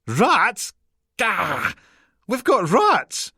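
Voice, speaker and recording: A man's voice: very high voice, animated, moderate pace, fairly bright tone, dry recording, clean studio sound, voice pushed up. A man voicing a cranky, cursing woman answering an intercom. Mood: angry. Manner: snappy, cursing.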